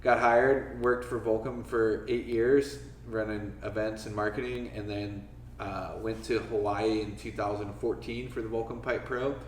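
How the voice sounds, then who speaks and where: A man's voice: on the low side, little pitch movement, unhurried. A man in his forties from Florida, a podcast guest telling stories casually, swearing freely and acting out quotes in a raised voice. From Florida, USA. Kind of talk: casual storytelling interview. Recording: echoey room, mic a bit far, faint background noise.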